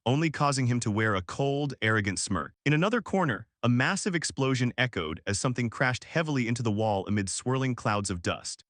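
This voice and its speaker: A man narrating a comic story recap in a scripted, animated way. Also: mid-range voice, no echo, studio quality.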